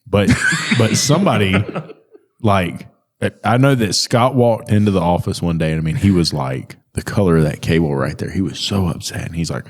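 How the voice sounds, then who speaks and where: A man's voice: sits low, moderate pace. A man in a casual podcast chat, laid-back and teasing dryly.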